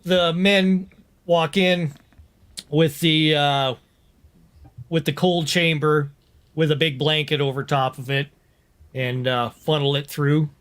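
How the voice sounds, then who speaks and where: A man's voice: on the high side, steady tone, takes it slowly, long pauses, a bit bright, clean tone. A man narrating a tabletop game as game master, voicing sound effects aloud.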